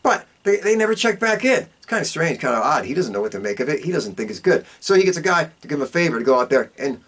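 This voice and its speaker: A man hosting a podcast, casually recapping a film in an animated, profane storytelling manner with big swings in pitch and a repeated catchphrase. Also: fast talker. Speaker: podcast host.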